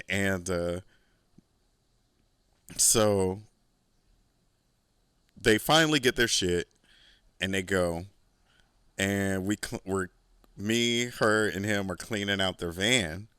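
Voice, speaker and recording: A man hosting a podcast, telling a long story in a relaxed, rambling way and swearing freely. His voice is low and smooth, recorded close and dry with no room echo. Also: slow pace, long pauses. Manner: rambling, profane, laid-back. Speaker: podcast host. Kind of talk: casual storytelling.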